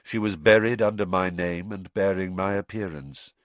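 A man doing a drugged, flat-voiced young confessor. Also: moderate pace, no echo, close to an everyday voice. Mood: flat monotone. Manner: flat, expressionless, low.

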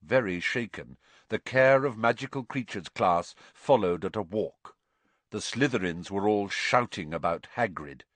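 A man reading a novel aloud as an audiobook narrator, with expressive storytelling on a close studio mic. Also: lowish voice, a little slow, dry recording.

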